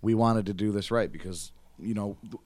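Earnest, low-voiced male musician. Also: fairly quick, darkish tone, dry recording. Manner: earnest, eager, a little hesitant with restarts. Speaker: musician guest, band member. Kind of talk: casual chat interview.

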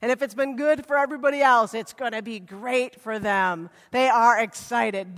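In a casual, animated sermon, a woman preacher relates a story from scripture at a normal speed with few pauses. Her high voice carries a long reverb through the worship hall.

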